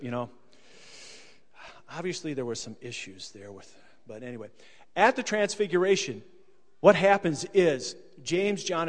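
A male preacher giving a casual, conversational sermon, joking and acting out scenes as he tells them. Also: fairly high pitch. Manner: conversational, jokey, acts out scenes. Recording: long hall reverb.

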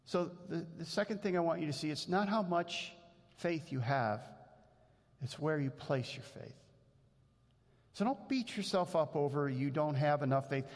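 A man's voice: a little high, lively intonation, normal speed. Male pastor, earnest conversational sermon, long church reverb. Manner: earnest, conversational preaching with many restarts.

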